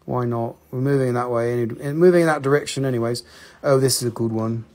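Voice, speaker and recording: A fast-talking man with a mid-range, darkish voice and fairly even intonation hosts a live-stream rock and mineral sale. Holding his phone, he chats casually, jokes, teases viewers and swears freely.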